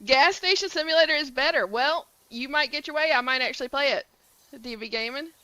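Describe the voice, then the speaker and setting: A woman's voice: high-pitched, fairly quick, sharp tone, no echo, rough recording. A woman from Georgia with a Southern accent, chatting casually on a game stream and greeting viewers by name. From Georgia, USA. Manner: upbeat, greets chat by name. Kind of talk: casual live-stream chat.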